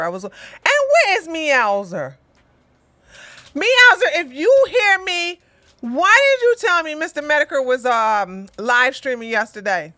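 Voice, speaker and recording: A bright-voiced woman, talking to her viewers in a loose, rambling way. Her delivery swings between a slow, low drawl and sudden high, lively outbursts. The sound is dry and close, with almost no room. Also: dry recording. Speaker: channel host. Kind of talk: rambling casual livestream chat.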